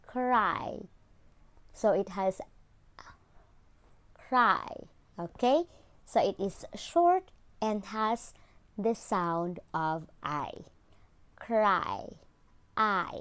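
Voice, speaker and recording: A woman's voice: medium pitch, clear, resonant tone. A woman teaching English pronunciation, repeating each word twice and drawing out the sounds, with English that is not her first language. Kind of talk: slow, repetitive pronunciation lesson.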